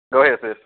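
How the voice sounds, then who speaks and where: A man, a pastor, hosting a call-in show in a heartfelt, rambling way. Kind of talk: casual call-in talk. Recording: tinny phone-line sound.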